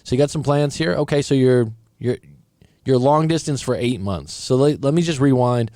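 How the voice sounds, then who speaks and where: In a dry, studio-quality recording, a male breakup coach with a mellow, mid-range voice reads a viewer's story at normal speed. He comments casually and directly, thinking aloud and sometimes stumbling over his words.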